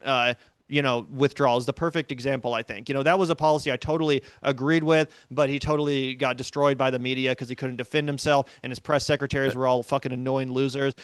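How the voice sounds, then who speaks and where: A man in casual political talk, ranting in a heated, profane, rapid-fire way. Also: mid-range voice, a bit bright, clear, resonant tone, no room sound.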